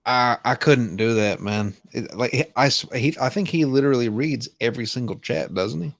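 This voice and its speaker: A man's voice: mid-range voice, moderate pace, no echo. Rambling, self-interrupting male co-host. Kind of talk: casual livestream chat.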